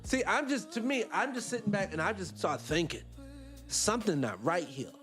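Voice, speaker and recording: A man's voice: sits high, sing-song, normal speed, fairly bright tone, soft background music. A middle-aged man from the United States hosting a casual livestream, talking emphatically and firing off rhetorical questions. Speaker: livestream host.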